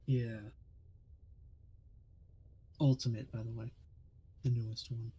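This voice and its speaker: A man's voice: medium pitch, level tone, takes it slowly, warm tone, slight background noise. A man co-hosting a gaming stream, talking in a laid-back, hesitant way. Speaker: streamer co-host. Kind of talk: casual gaming chat.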